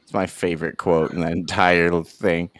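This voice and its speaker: A man's voice: deep voice, level tone, moderate pace, fairly bright tone, no echo. A man chatting casually with friends on a stream, swearing now and then. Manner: chatty, swearing, laughing along. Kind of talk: casual chat.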